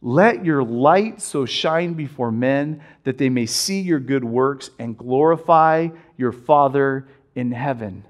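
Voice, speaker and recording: A man's voice: mid-range voice, slow, hardly any pauses. A man in his thirties preaching a conversational sermon, reading scripture aloud and telling stories about his young son. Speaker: pastor.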